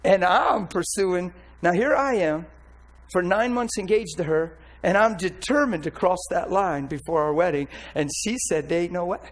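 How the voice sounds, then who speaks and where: A man preaching a candid, blunt personal testimony with animated storytelling. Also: high-pitched, normal speed, rough recording. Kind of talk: sermon testimony.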